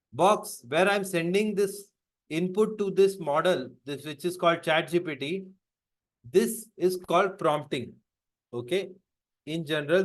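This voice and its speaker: A man instructor teaching a live webinar, repeating key phrases and checking in with "right?" and "okay" as he explains. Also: high voice.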